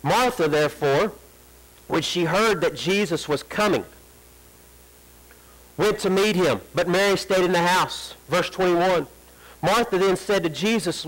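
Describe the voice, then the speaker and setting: A pastor with a high, expressive, somewhat bright voice delivers a sermon in a church sanctuary, building toward rising emphasis and stretching out the prayers he quotes. The audio quality is poor.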